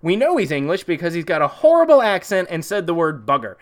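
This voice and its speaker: A man's voice: a little high, very animated, fast talker. A man hosting a podcast, riffing sarcastically on a movie in a rambling, profane way. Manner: sarcastic, rambling, swears freely. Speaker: podcast host.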